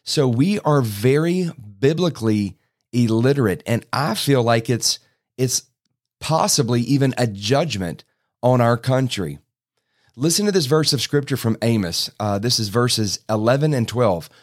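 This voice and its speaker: A man in his forties preaching a sermon, urgent and exhorting, speeding up as he gets excited. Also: medium pitch, a little slow. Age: 40s.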